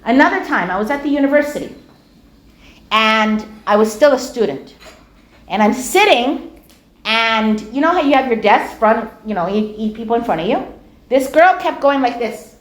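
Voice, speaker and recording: A middle-aged woman giving a storytelling lecture, animated and acting out the dialogue of her anecdotes. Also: fairly high pitch. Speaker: speaker giving a talk on dawah. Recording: echoey room.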